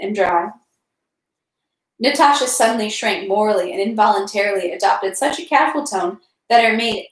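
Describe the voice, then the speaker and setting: Woman reading a novel aloud in an echoey room. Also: medium pitch. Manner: steady, occasional slips and self-corrections. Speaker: reader.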